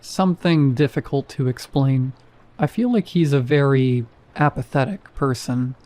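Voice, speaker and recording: Male horror narrator, mellow low-key timbre, deadpan wit. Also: unhurried. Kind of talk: scripted first-person horror narration.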